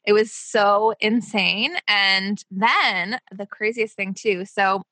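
A woman's voice: medium pitch, steady tone, takes it slowly, sharp tone, no echo. A woman chatting casually on a podcast, laughing and using lots of filler words. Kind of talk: casual chat.

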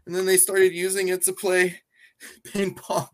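A man co-hosting a podcast, giggling and reacting expressively while recapping a movie. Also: a little slow. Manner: giggly, expressive, jumps up in pitch when reacting. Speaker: podcast co-host. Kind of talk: casual chat recapping a movie.

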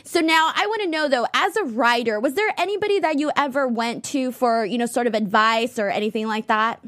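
Woman, podcast interviewer, friendly, slightly high voice. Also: brisk, fairly bright tone, no room sound, studio quality. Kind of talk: asking interview questions.

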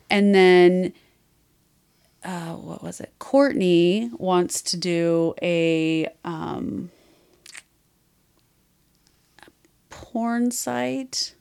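Slow, smooth-voiced woman podcast host. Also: lowish voice, darkish tone. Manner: frank, rambling retelling with many fillers. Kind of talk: casual chat.

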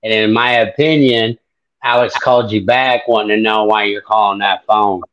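A man's voice: lowish voice, fairly even intonation, moderate pace, fairly bright tone, highs cut off. A man co-hosting a casual chat, confidently explaining his theories.

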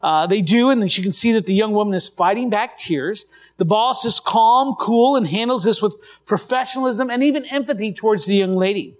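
Male pastor, high-pitched, chatty sermon delivery with restarts, live church mic. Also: brisk. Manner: conversational storytelling with restarts.

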